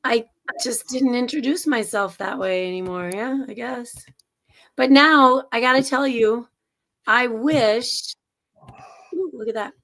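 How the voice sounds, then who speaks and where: Chatty, higher-voiced woman co-host. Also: unhurried, fairly bright tone. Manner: chatty, laughing storyteller. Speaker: co-host and middle school teacher. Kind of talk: casual livestream chat. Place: at home with a house full of people. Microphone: video call setup.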